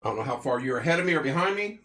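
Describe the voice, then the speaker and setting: A man's voice: medium pitch, expressive, rapid-fire, a bit bright. Chatty man eating on a livestream. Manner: chatty, eats while talking, greets viewers by name. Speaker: livestream host. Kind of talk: casual livestream chat. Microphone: clip-on mic.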